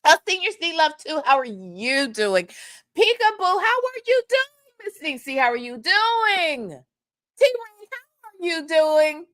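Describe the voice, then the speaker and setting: A woman's voice: very high-pitched, big pitch swings, takes it slowly, a bit bright, no echo, clean studio sound. A woman hosting a casual gossip livestream, playfully teasing and greeting her chat viewers one by one.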